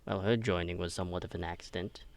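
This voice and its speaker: A man voicing a calm male mentor who patiently probes and challenges a younger officer. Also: sits low, quick pace, gravelly, dry recording. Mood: coaxing. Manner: patient, probing, gently challenging. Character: calm male mentor, a past host addressed as sir.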